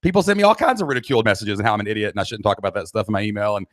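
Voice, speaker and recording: On a live-streamed training session, a middle-aged Southern American man talks very fast in a lowish voice, reading chat questions aloud and pushing viewers hard to take action in his online business class. His pep talk is blunt, pushy and energetic. The cheap desk mic at his laptop still gives clean studio sound with no room sound.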